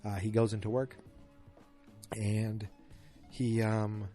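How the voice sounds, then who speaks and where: A man hosting a solo podcast, retelling a TV episode in a rambling, animated way and acting out the characters' lines. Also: fairly low pitch, unhurried, pauses often, soft background music. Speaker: podcast host. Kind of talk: casual solo recap.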